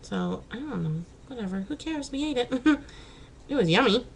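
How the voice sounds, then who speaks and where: Lively chatty woman vlogging at home. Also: on the high side, moderate pace, gravelly, a little hiss or hum, poor audio. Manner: chatty, laughing, exclaiming. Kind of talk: casual chat.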